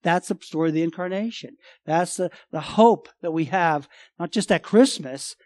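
A male pastor preaching a sermon, emphatic, swinging between loud and quiet and repeating phrases. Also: a little high, normal speed, no echo.

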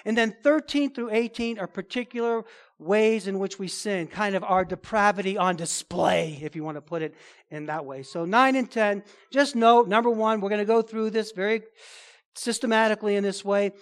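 A pastor giving an expository sermon, emphatic and conversational, repeating phrases for stress. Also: male voice, high-pitched, moderate pace.

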